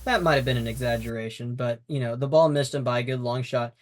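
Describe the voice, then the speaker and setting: A man's voice: mid-range voice, quick pace. Man coaching umpires in casual talk. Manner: conversational, emphatic, with fillers and restarts. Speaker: baseball umpire instructor. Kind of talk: instructional talk over game footage.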